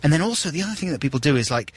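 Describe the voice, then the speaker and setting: A man's voice: on the high side, expressive, very fast, no echo. Rambling man on festival radio. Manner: rambling, playful, many "like"s and restarts. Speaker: radio host. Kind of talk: live radio banter. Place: live broadcast from a music festival.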